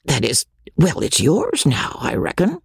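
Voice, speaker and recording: Brief: woman doing an awkward, stammering small-town man for an audiobook; low, husky voice. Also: huge pitch swings, a little slow, no room sound, clean studio sound, full character voice. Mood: deferential. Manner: hesitant, stammering, polite. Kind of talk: audiobook character voice.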